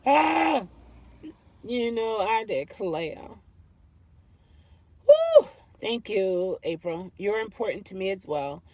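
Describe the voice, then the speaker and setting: A woman's voice: medium pitch, unhurried, hardly any pauses, noisy background. A woman vlogger chatting casually as she reads out viewer comments, laughing often and slipping into playful impressions. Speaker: YouTube vlogger. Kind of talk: casual chat reading comments.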